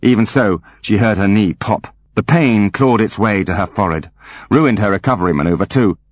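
A man narrating an audiobook with wry, animated storytelling. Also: on the low side, moderate pace, dry recording. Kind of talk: scripted narration.

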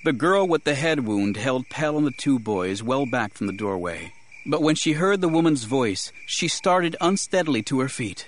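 A man giving expressive third-person audiobook narration. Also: medium pitch, normal speed, slight background noise.

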